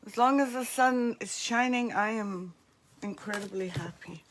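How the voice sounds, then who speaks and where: A woman from the northeastern US with a New Jersey accent hosts a crafts livestream, chatting casually with viewers in the comments. Her voice is mid-range and a little slow, with slight background noise. She's chatty, tossing friendly asides to commenters.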